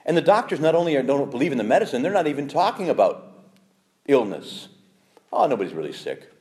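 Lively, animated male priest preaching. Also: on the high side, fast. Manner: animated and emphatic, with quoted asides. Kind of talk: sermon.

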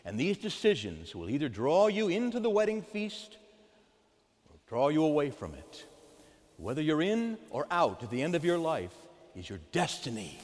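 Male priest, somewhat high voice, emphatic sermon delivery, long church reverb. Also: huge pitch swings, normal speed. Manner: emphatic, swings between loud and hushed.

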